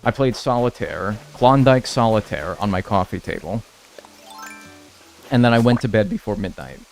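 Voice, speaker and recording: Chatty young male streamer, lively pitch. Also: normal speed, vocal fry, soft background music. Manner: rambling, self-deprecating, answers chat. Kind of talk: casual live-stream chat.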